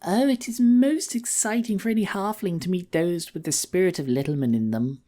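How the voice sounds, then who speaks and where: A man reading game dialogue aloud, voicing a hospitable but wary halfling village woman in a soft put-on female voice. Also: high voice, normal speed, pitched above the performer's own voice, close to an everyday voice. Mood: welcoming.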